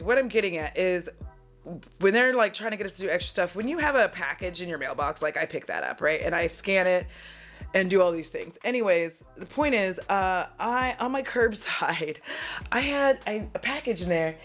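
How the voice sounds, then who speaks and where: Animated woman telling a casual story. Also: medium pitch, moderate pace, soft background music. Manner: animated, profane, laughs often. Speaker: mail carrier.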